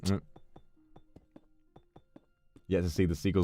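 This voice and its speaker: Very deep, gravelly male streamer. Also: moderate pace, pauses often, dark tone, no room sound, faint music behind. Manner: playful, theatrical, flirty with chat. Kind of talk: casual livestream chat while gaming.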